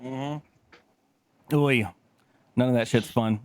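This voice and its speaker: A man's voice: mid-range voice, fairly even intonation, slow pace, clear, resonant tone. A man co-hosting a casual podcast chat, telling stories with lots of swearing and laughter. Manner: profane, storytelling, laughing often. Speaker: podcast co-host.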